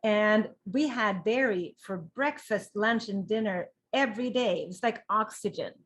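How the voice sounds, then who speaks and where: A woman's voice: medium pitch, moderate pace, fairly bright tone. Swedish-accented woman, interview guest; candid, open storyteller with a wry, self-deprecating streak. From Sweden. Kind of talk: personal story in casual interview.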